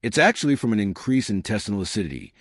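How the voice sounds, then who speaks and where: A man's voice: on the low side, lively intonation, very fast, dry recording, clean studio sound. A man hosting his channel, speaking in a disjointed monologue that jumps between tips and numbered lists. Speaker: channel host.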